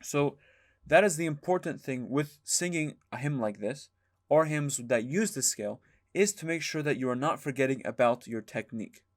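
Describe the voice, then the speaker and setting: A man teaching a music lesson, explaining calmly and singing short chanted examples. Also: medium pitch, normal speed. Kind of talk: spoken lesson with sung demonstrations.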